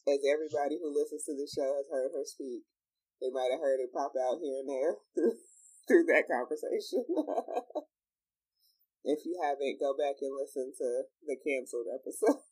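A man's voice: a little high, animated, moderate pace, a little mellow, rough recording. A man co-hosting a podcast in casual chat, laughing often between remarks. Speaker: podcast co-host. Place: home.

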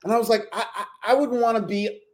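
A man's voice: high voice, brisk. A man co-hosting a casual reality TV recap, talking animatedly and acting out what people said, with some swearing. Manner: animated, acts out quotes, swears. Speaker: podcast co-host.

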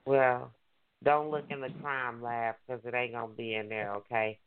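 A man's voice: mid-range voice, flat delivery, normal speed, clear, resonant tone. A man hosting an online radio show, hyped and repetitive, calling out to his listeners. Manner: hyped, repetitive, call-and-response. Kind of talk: casual radio show talk. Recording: tinny phone line.

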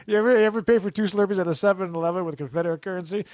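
A man's voice: high-pitched, steady tone, rapid-fire, darkish tone, no echo, studio quality. A man co-hosting a casual chat, rambling and joking, often breaking into laughter. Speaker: podcast co-host.

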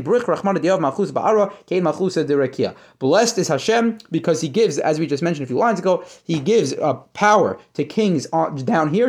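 A man giving a casual Talmud lesson, reading passages and retelling them with animated storytelling, often restarting and correcting himself. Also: a little high. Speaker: Talmud teacher.

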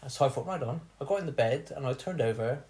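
A man's voice: mid-range voice, animated, quick pace, darkish tone. A young man telling a bawdy story on a casual podcast, laughing often as he acts out what people said.

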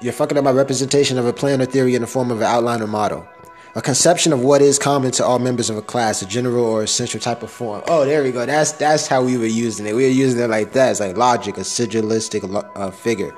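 A man's voice: mid-range voice, fast talker, a little mellow, faint music behind. A young man rambling through a casual, profane audio diary, laughing at his own jokes.

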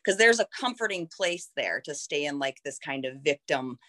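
A frank woman in her thirties opens up as a guest in a heartfelt conversation, thinking aloud in a reflective, searching way and saying "like" a lot. Her voice sits low and a bit bright, with lively intonation at a moderate pace. She sounds unguarded.

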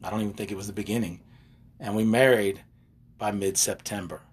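A man's voice: on the low side, brisk, breathy edge. An older man, a relationship coach, chatting casually and telling stories with asides and jokes. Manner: animated, wanders into side stories and jokes. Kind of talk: casual storytelling chat.

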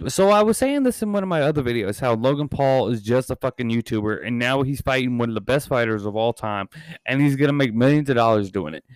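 Smooth-voiced, foul-mouthed man in his thirties. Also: mid-range voice, no room sound. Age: 30s. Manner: rambling and heavily profane. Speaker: podcast and channel host. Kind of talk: casual chat.

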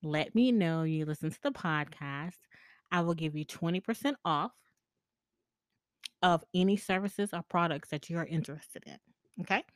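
A woman's voice: fairly low pitch, normal speed, no echo, studio quality. A woman hosting a podcast alone, telling personal stories in a candid, chatty way, laughing often and swearing freely. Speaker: podcast host. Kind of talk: casual storytelling monologue.

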